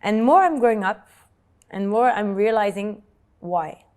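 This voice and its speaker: Woman, earnest, halting, personal storytelling, interview guest. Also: mid-range voice, lively intonation, a little mellow. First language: French. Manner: earnest, halting, repeats words when moved. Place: Dubai.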